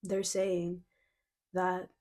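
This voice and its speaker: A woman's voice: on the low side, extremely slow. Giggly, gushing young woman reading cards. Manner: excitable and giggly, lots of "like" fillers; gushing, slightly flustered. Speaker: tarot card reader. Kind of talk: casual intuitive card reading.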